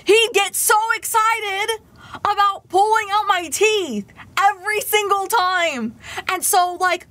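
A woman streaming a game, chatting casually to her viewers and telling stories in an animated way. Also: very high-pitched, a little slow, dry recording. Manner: chatty, animated storyteller talking to chat. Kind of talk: casual gameplay chat.

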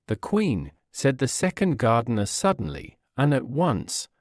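A man narrating a story slowly and clearly for English learners. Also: mid-range voice, a little mellow, dry recording, clean studio sound.

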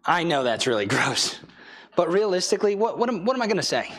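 A man's voice: high-pitched, very animated, fast talker, a bit bright. A young man preaching a sermon in a church, telling a story with acted-out quotes.

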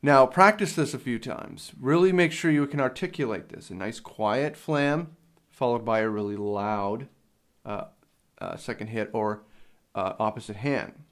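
A man's voice: mid-range voice, measured pace. A young man with a mid-range voice teaches a drum lesson in a practice studio. He explains each step plainly and patiently, with an occasional filler as he goes. The sound is caught on a small handheld recorder. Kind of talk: instructional lesson. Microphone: handheld field recorder.

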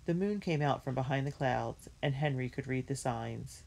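A woman reading a children's book aloud in a clear, measured storytelling manner. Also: a bass voice, a little mellow. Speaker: reader.

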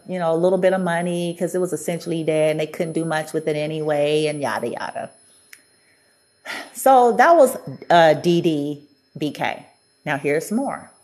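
A woman's voice: on the low side, darkish tone. A woman vlogger telling a personal story in a chatty, casual way, often laughing and acting out what people said.

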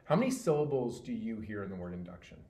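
A man's voice: on the low side, big pitch swings, quick pace, noisy background. A man tutoring one student in reading, patient and encouraging, praising each answer. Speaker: teacher. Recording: roomy with faint ambience.

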